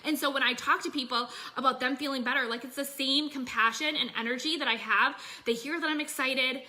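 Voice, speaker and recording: Energetic chatty woman coaching online. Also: sits high, fairly quick. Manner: energetic, chatty, full of fillers and "you guys". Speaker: business coach. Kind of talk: casual coaching talk to an online group. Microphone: phone.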